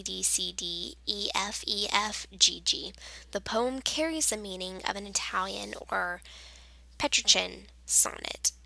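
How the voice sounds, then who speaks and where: A woman in a whispered role-play as a patient teacher, slipping between a soft whisper and a quiet voice and explaining slowly with frequent fillers. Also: mid-range voice, creaky, no room sound, poor audio.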